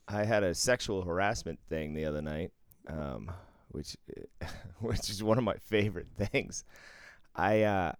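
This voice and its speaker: A low-voiced man tells stories in casual chat on a close podcast mic. His pitch swings widely as he gets animated, and the sound is dry. He swears freely. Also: smooth, dry recording. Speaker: podcast co-host.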